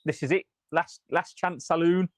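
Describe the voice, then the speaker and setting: A man's voice: on the high side, steady tone, moderate pace, no echo. Frustrated sweary man. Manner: reads out viewer comments. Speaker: fan channel host. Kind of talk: live post-match reaction.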